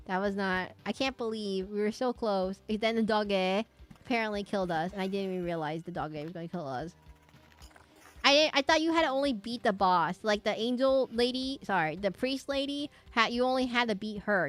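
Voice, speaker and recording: A young woman talks her way through a game stream in a loose, giggly ramble, circling back and restarting her sentences as she goes. Her pitch sits in a plain middle range. Faint game music hums underneath. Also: fairly quick. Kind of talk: casual chat while streaming a game.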